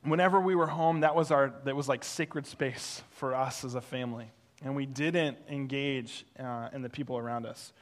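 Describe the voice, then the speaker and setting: A male pastor preaching through a personal story, animated and self-deprecating, acting out the voices he quotes. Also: medium pitch, moderate pace, hardly any pauses. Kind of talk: sermon storytelling.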